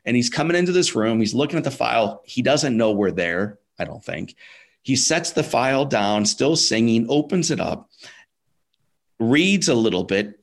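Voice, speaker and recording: A man guest on a podcast, telling a personal story in a casual, emphatic way, dropping "like", "man" and "dude" and sometimes repeating words. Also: medium pitch. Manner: repeats words when emotional.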